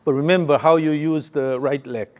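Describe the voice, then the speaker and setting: A man's voice: on the high side, steady tone, moderate pace, darkish tone. A male golf coach giving a hands-on lesson, calling short repeated cues and humming the count and rhythm.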